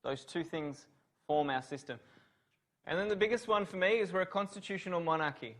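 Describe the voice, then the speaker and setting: Male lecturer, slightly higher voice than most men, runs a revision class and quizzes students. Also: fairly quick, a bit bright. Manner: quizzes students, praises answers. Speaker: law lecturer.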